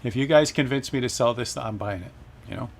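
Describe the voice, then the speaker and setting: A man's voice: mid-range voice, a little fast, gravelly, slight background noise. A middle-aged man hosting a casual flight-sim livestream, chatting and reading viewer comments aloud with frequent laughs. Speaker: livestream host.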